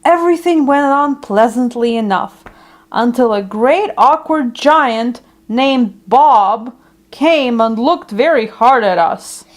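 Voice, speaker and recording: A woman reads a children's story aloud in a high voice, taking her time over every phrase. The delivery is gentle and unhurried, made for young listeners. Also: animated.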